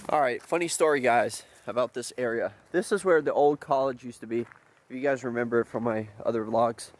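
A man in his twenties talks casually to his viewers while walking outdoors, joking and wandering from one story to the next. He is recorded on a handheld camera mic in a quiet open field, and his voice sits at an ordinary mid pitch. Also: fairly quick. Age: 20s. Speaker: vlogger. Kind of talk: casual vlog chat.

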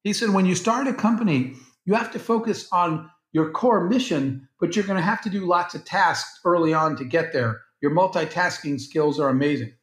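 A man, a guest entrepreneur, tells a story and acts out each line of quoted dialogue. His voice sits a little high for a man. It is recorded in a roomy space that gives it a clear echo. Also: normal speed. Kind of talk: storytelling in a podcast interview. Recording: roomy, echoey sound.

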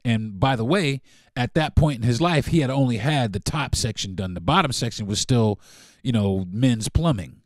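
Swearing freely, a male podcast host spins a laid-back tale at normal speed, jumping into the other characters' voices with wide pitch swings. The recording is dry and close, without any room sound.

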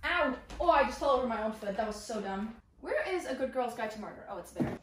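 A woman's voice: fairly high pitch, lively intonation, fast, few pauses, noisy background. Bubbly young woman vlogging in an echoey bedroom. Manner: bubbly, chatty, dramatic exclamations. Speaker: book vlogger. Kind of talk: casual vlog chat.

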